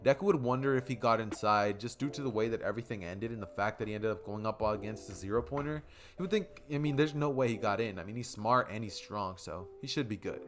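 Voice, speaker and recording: A man narrates a fan story in a casual, rambling style, full of fillers. His voice sits a bit low. Guitar music runs clearly beneath him. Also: fast.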